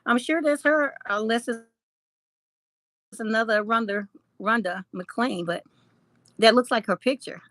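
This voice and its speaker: A woman's voice: on the high side, measured pace, long pauses, fairly bright tone, no echo. A woman hosting a casual live chat, reading comments aloud, teasing her viewers and laughing often. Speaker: livestream host.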